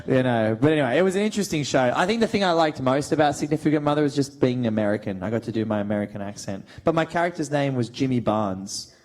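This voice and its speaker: A man in his thirties, a guest actor on a convention panel, telling animated stories and acting out quotes with a laugh. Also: medium pitch, quick pace, hardly any pauses. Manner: animated storyteller, acts out quotes, laughs often. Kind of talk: casual panel Q&A, anecdotes.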